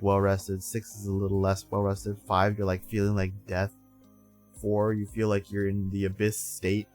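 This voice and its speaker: Young man, sleepy streamer, rambling casual chat, lowish voice, faint music behind. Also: a little mellow. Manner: sleepy, rambling, laughs often. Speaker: streamer host.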